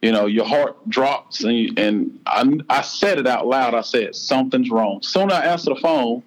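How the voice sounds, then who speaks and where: A man's voice: mid-range voice, unhurried, rough recording. A man in his forties with a Southern US accent, telling a personal story as a podcast guest in an earnest, heartfelt way. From North Carolina, US.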